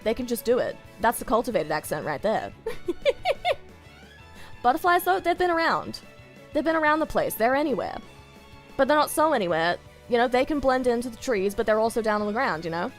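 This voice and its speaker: An Australian woman chats on a stream in a high, bouncy voice that swoops up and down, breaking into giggles as she drifts from one tangent to the next. Soft music plays faintly behind her. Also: big pitch swings, fairly quick. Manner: giggly, chatty, rambling tangents. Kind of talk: casual stream chat.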